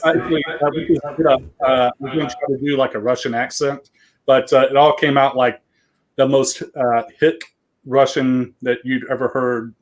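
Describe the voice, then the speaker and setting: A man's voice: mid-range voice, fairly even intonation, normal speed, rough recording. A man guest on a livestream, talking laid-back with dry humor from his game room at home. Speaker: guest, tournament organizer. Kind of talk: casual livestream chat.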